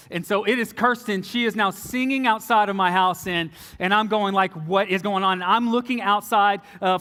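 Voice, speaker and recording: A man's voice: high voice, pushed and bright. A young man telling a personal story in a casual sermon, joking and restarting his sentences often. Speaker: college ministry preacher. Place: church hall. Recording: long hall reverb.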